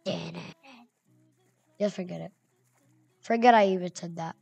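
Young woman, gameplay commentary, excitable and chatty, slow-talking, dry close mic. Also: fairly low pitch, vocal fry, breathy edge, no room sound, soft background music. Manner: excitable, chatty, reads names aloud. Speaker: gamer.

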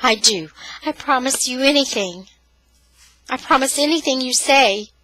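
A woman voicing a timid young girl who speaks softly and pleads with her brother. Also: high-pitched, a little slow, no room sound, pitched above the performer's own voice, heavily acted, poor audio. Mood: desperate. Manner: soft, breathy, pleading.

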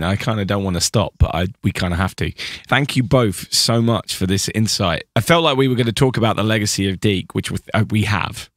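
A man's voice: low-pitched, no echo, clean studio sound. A man hosting a podcast interview, enthusiastic and thankful as he talks. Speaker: podcast host. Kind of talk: conversational interview.

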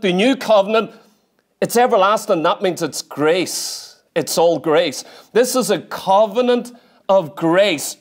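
A man preacher delivering a sermon in a church, emphatic and full of repeated rhetorical questions. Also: sits high.

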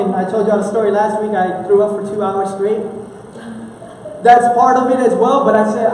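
A man's voice: sits high, a little fast, a little mellow, slight background noise. A man from Houston, preaching a sermon in an earnest, conversational way, often restarting his sentences. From Houston, Texas. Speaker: pastor. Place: church. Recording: echoey church hall, mic far off.

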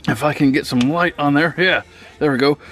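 A man giving a casual, excitable unboxing review of a toy set, gushing and gasping with delight as he describes each detail, a little out of breath. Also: on the high side, fairly quick. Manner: excitable, breaks into gasps and squeals of delight.

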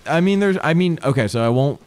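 A man's voice: a little high, lively intonation, quick pace, a little mellow. A young man playing a video game, chatting casually and often swearing in frustration. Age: young adult. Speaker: gamer playing a game on a let's-play. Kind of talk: casual gaming chat.

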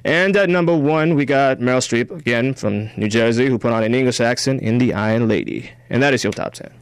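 A young man co-hosts a campus radio film show, casually reviewing and counting down a list. His voice is smooth and clear, and the studio sound is close and dry. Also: medium pitch, a little fast, dry recording. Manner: easygoing, filler-heavy. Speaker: radio co-host. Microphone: studio microphone.

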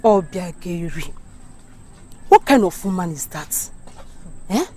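A woman's voice: lowish voice, animated, slow. An actress playing a village woman, shocked by gossip and scolding her friend. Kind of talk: Nollywood film acting. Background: soft film music.

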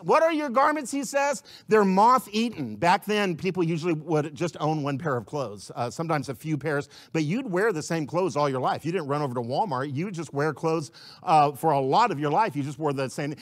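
A pastor preaching a conversational sermon to his congregation, asking rhetorical questions and acting out the voices of his listeners. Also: high-pitched.

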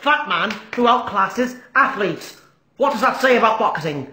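A man doing a bright, bragging heavyweight boxer. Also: high voice, animated, a little slow, roomy sound, a little hiss or hum, full character voice. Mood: boastful. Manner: bragging, blunt, self-mocking. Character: big boastful heavyweight boxer, loud.

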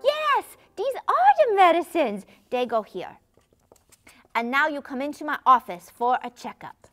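A woman's voice: fairly high pitch, expressive, moderate pace, bright, forceful tone, faint music behind. A woman voicing an eager little boy who loves helping, talking in childlike pretend play with broken grammar, in a puppet show. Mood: bossy.

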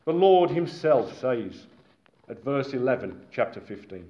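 Animated British preacher in an echoey hall. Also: male voice, medium pitch, unhurried. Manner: animated, conversational preaching with asides. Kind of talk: sermon. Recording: echoey, dull-sounding hall recording.

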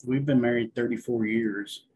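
A man in his fifties or older, a client in a casual conversation, soft-spoken with short plain answers. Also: mid-range voice, fairly even intonation, moderate pace, slightly rough, poor audio. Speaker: client at a reading.

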